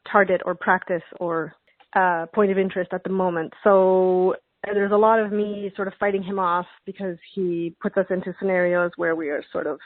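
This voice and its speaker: A woman's voice: mid-range voice, dry recording. Hesitant mother on a tinny phone line. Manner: hesitant, searching for words. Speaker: caller, mother. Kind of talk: recorded listener question.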